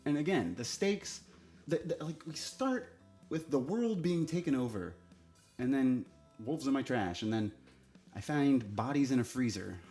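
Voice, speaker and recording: Exasperated male reviewer, sarcastic and loose-mouthed, average pitch, soft music underneath. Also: expressive, a little slow. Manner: sarcastic, exasperated, swears casually. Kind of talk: casual opinionated review.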